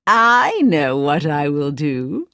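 A woman voicing a vain, wicked queen in a storybook reading, with slow, drawn-out lines. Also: sits low, big pitch swings, fairly bright tone, dry recording, studio quality, voice pushed down, heavily acted. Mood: scheming.

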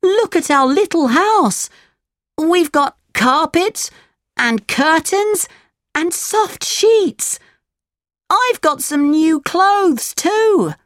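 Lady doing a squeaky excited puppet boy from a storybook, way up high, dry sound. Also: slow, dry recording. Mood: overjoyed. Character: eager cheerful wooden boy puppet. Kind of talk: storybook character voice.

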